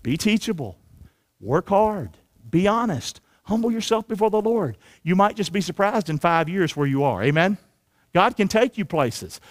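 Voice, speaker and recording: Male pastor, high-pitched, energetic folksy preaching with call-and-response lines. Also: normal speed. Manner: energetic preaching, calls for the congregation to repeat lines; colloquial, drops into folksy slang. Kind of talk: sermon. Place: church sanctuary.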